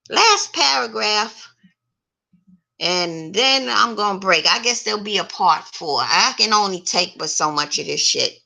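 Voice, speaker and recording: A woman reading an erotic story aloud in a frank, unhurried way, with blunt asides. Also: mid-range voice, expressive, creaky, pushed and bright. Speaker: reader of online stories.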